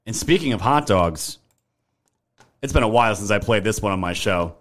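A man's voice: fairly low pitch, expressive, normal speed, a bit bright. A man hosting a political live stream, ranting in a heated, profane way and thanking viewers in chat. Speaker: livestream political commentary host.

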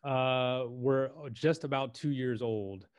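A man's voice: mid-range voice, takes it slowly. A man as a podcast guest, telling his story casually, saying "dude" a lot and swearing freely. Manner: laid-back, swears freely, says "dude" often; acts out quotes in lively voices. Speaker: podcast guest, personal branding videographer.

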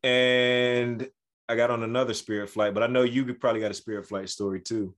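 Podcast co-host, male, mid-pitched, animated storyteller who acts out quotes. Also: a little fast. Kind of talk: casual storytelling.

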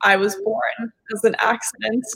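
A bubbly young woman with a light Canadian accent, Arabic her mother tongue, talking as a guest over a video call. Her voice sits a little high and sounds close and dry, with frequent laughs and casual fillers. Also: little pitch movement, moderate pace, gravelly, fairly bright tone, breathy edge, no room sound. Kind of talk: casual interview chat.

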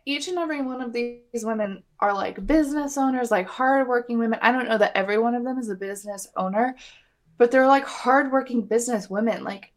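A woman's voice: on the high side, a little fast. A young woman co-hosting a podcast, recapping a reality show in a chatty, opinionated way and swearing freely. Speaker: podcast co-host. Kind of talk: casual recap chat.

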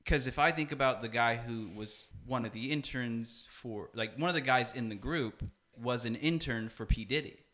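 A man's voice: medium pitch, moderate pace, hardly any pauses. A young man, a music producer, talking as a guest in a casual conversation, full of "like" and acting out what people said. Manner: animated, fills speech with "like", acts out quoted dialogue.

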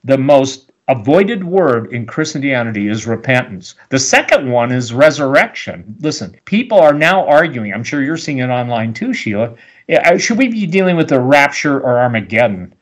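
Older man, emphatic preacher-like delivery, rambling asides, lively swooping pitch, mid-pitched. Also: normal speed. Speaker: radio host, guest. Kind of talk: animated interview talk.

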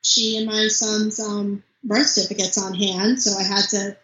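A young woman, a podcast guest, chatting casually and telling animated stories about family travel. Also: mid-range voice, normal speed, roomy sound, lo-fi sound. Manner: chatty, animated storytelling with mimicked child voice. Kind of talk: casual interview chat.

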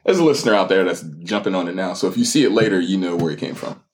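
A man co-hosting a casual podcast conversation, easygoing and quick to agree. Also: low-pitched, expressive, slight background noise. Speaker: podcast co-host.

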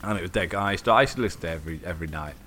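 A man in casual chat as a podcast co-host, telling stories in an animated way, swearing freely and acting out the voices of people he quotes. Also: sits low, very fast, soft background music.

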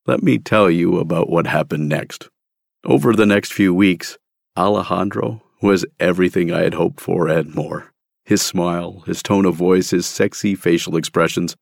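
Deep raspy-fry guy reading his memoir, wry and frank, dry close mic. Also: no room sound. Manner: candid, wry, emphatic. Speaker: memoir narrator. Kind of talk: scripted first-person storytelling.

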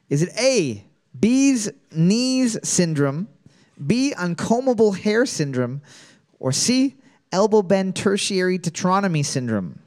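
Trivia host, male, higher register, reads questions twice, jokes in between. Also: very animated, slow pace, a little mellow. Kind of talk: comedic trivia podcast banter.

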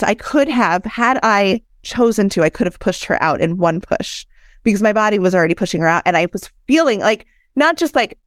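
A woman in her thirties, a doula and founder, telling her own birth story as a podcast guest in an animated, candid way and acting out what people said. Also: mid-range voice, no echo, studio quality. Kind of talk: personal storytelling in conversation.

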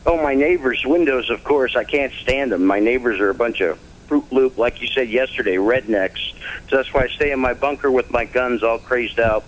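A man co-hosting a talk show, joking crudely and deadpan. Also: mid-range voice, moderate pace, low-quality recording. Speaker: co-host. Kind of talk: crude banter.

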